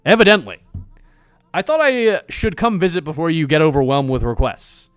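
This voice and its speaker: A man's voice: fairly high pitch, animated, moderate pace, smooth, dry recording, clean studio sound, pitched below the performer's own voice, close to an everyday voice. A man voicing a prim, condescending female cat doctor from a video game, raising his voice slightly.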